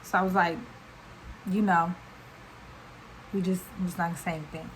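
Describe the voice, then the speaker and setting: A woman's voice: fairly low pitch, steady tone, normal speed, a little hiss or hum, poor audio. Chatty young woman telling a story. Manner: chatty, slangy, runs on with fillers. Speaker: vlogger. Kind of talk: casual storytime.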